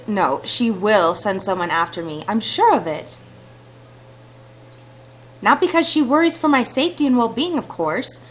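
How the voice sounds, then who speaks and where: A woman reading aloud the lines of a young heroine who longs to escape her stepmother, in an earnest, reflective way. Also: medium pitch. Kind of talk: reading visual novel dialogue aloud.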